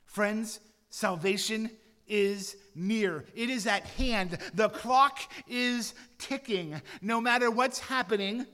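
Bright high-voiced male pastor in a hall. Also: takes it slowly. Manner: earnest preaching, repeats "friends" and "Father". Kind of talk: sermon. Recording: long hall reverb.

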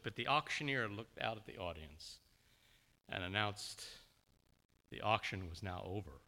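A man's voice: lowish voice, a little slow, sharp tone. A man preaching a sermon, telling a story with feeling and briefly voicing the characters.

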